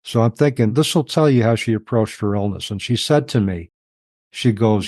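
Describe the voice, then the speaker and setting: Middle-aged man, low voice, dry close sound; reflective, halting interview guest. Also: darkish tone, dry recording. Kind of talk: personal storytelling in an interview.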